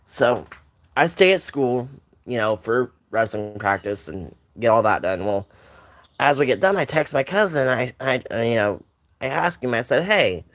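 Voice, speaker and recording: A young man rambles casually through a personal story, full of restarts and side notes. His medium-pitched voice is animated, unhurried, and a bit bright.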